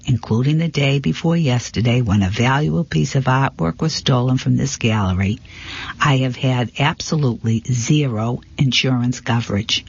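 A man doing a wounded, theatrical gallery owner in a storybook, indignant and proud. The voice is husky and mid-pitched. The recording sounds dull and lo-fi. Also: dry recording. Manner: emphatic, indignant delivery. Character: distraught male gallery owner, proud and dramatic.

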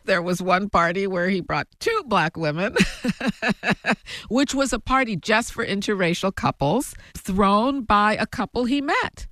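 A woman telling her family story as an interview guest, reflective and given to soft laughs. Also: medium pitch, lively intonation, no echo, clean studio sound. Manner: slow, reflective, laughs softly between thoughts. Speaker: guest, author.

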